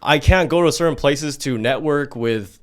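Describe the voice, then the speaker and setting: A man's voice: a little high, moderate pace. A young adult man hosting a podcast, talking bluntly and swearing often in a casual debate. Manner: blunt and profane, acts out quoted people in a raised voice. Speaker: podcast host.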